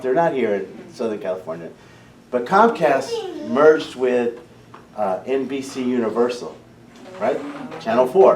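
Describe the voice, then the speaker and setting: A man's voice: mid-range voice, darkish tone. A man who founded a community program, speaking passionately to parents, often restarting his phrases. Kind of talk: impassioned public talk. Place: school meeting room. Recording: echoey room, distant mic, faint hum.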